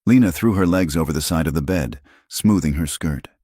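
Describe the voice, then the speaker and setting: A man with an extremely low, deep voice reads a frontier story as a scripted audiobook, steady and measured. The sound is dry and close, with no room echo at all. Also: breathy edge.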